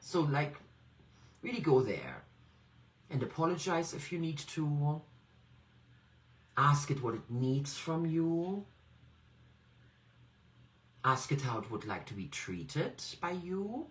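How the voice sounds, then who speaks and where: A woman NLP coach leading a guided self-reflection exercise, speaking gently and encouragingly straight to the listener. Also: deep voice, big pitch swings, slow pace, long pauses, low-quality recording.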